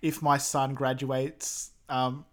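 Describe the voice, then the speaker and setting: A young man retells the plot of a film in a loose, rambling way, leaning on "like" and "um" as he goes. His voice sits at an ordinary middle pitch, and he sounds like a relaxed co-host talking with a friend. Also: takes it slowly. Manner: rambling, heavy on "like" and "um". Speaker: podcast co-host. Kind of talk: casual film recap chat.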